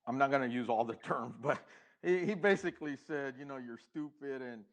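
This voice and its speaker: A middle-aged man, a podcast guest, telling his own story in an unhurried, reflective way, with pauses and restarts, and acting out the past conversations. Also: mid-range voice. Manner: acts out past dialogue.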